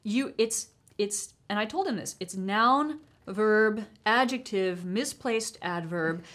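A woman in casual conversation, telling a story in a wry, animated way and laughing mid-sentence. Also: medium pitch, takes it slowly. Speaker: panel guest.

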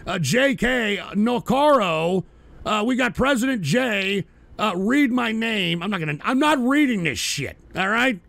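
A man's voice: high voice, animated, measured pace, gravelly, fairly bright tone, no echo. A man hosting a live talk stream who reads out chat names in a profane, sarcastic ramble. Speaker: streaming talk show host.

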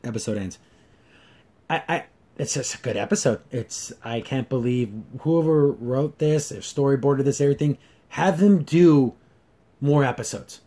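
This cartoon-episode reviewer is a man at medium pitch and ordinary speed, going solo in a casual style. His talk wanders with plenty of restarts and filler words, and he acts out characters' dialogue with animated voices.

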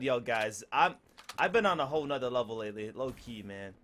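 A young man giving excited gameplay commentary, breaking into loud outbursts and trash talk. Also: mid-range voice, quick pace, a little hiss or hum. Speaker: gaming video creator.

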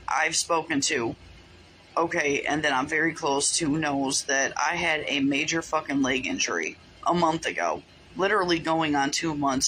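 A woman's voice: deep voice, bright, forceful tone, a little hiss or hum, rough recording. A woman delivering an angry, profanity-heavy rant to her followers, repetitive and insistent. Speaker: vlogger speaking to followers.

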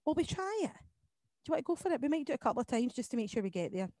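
A woman leading an online choir lesson, explaining each part and counting beats aloud between quick sung demonstrations. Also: sits high, sing-song, dark tone, dry recording. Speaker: choir leader. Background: piano accompaniment.

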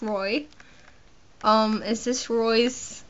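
Brief: high, animated woman, joking let's-play chat. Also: brisk. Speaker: game player. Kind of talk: casual let's-play commentary. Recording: dull lo-fi recording.

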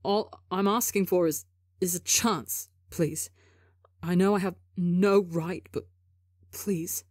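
A woman's voice: fairly low pitch, steady tone, takes it slowly, a little mellow, dry recording, clean studio sound. A woman voicing a desperate, tearful young man. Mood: earnest. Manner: pleading, stammering with broken restarts. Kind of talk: audiobook character reading.

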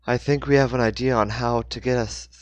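A man's voice: mid-range voice, fairly even intonation, a little fast, dry recording, natural voice. A man reading the lines of a blunt, awkward teenage girl in a storybook. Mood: wry. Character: teen girl, chatty, defensive, awkward.

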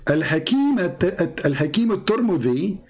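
A man giving mocking, incredulous commentary as a religious debater, retelling his debates with lively emphasis. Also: sits high, normal speed.

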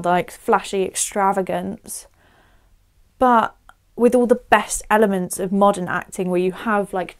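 A young woman, chatting effusively to camera as she reviews a film, with frequent "like" fillers. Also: mid-range voice.

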